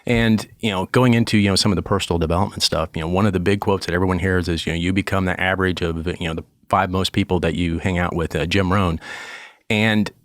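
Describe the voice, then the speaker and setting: A male podcast host with a low voice, drawn out and rambling as he builds up his questions. He leans on "you know" again and again. The recording is dry and close. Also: fairly even intonation, quick pace, fairly bright tone, dry recording. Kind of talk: podcast interview.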